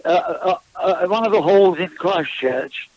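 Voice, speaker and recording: An older man with a fairly high voice chats his way through old tour stories, often restarting sentences and chuckling as he goes. The sound is dry and close, with a dull, lo-fi quality. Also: animated, a little slow, darkish tone, no echo. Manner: chatty, rambling with frequent restarts and chuckles. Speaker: guest musician, former backing singer. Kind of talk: casual interview anecdotes.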